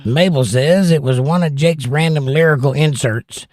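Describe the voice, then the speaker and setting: A man's voice: fairly high pitch, moderate pace, darkish tone, no echo. A middle-aged man hosting a livestream, reading viewer comments aloud in casual chat with wry joking asides. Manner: wry, joking asides between read-outs. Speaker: livestream host.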